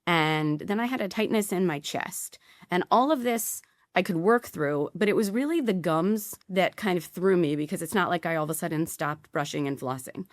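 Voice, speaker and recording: A middle-aged woman, a podcast guest, telling a personal story candidly with quick asides. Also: lowish voice, no room sound, studio quality.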